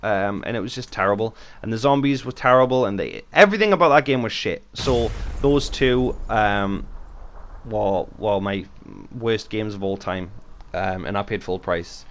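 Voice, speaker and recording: A man's voice: lowish voice, normal speed, slight background noise. A British man hosting a casual gaming Q and A vlog, talking off the cuff with a chatty, rambling manner. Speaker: YouTube channel host.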